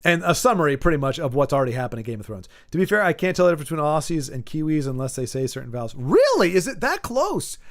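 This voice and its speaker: A man in his forties chats casually on a stream, rambling with lively, animated delivery and frequent restarts. His voice is on the high side.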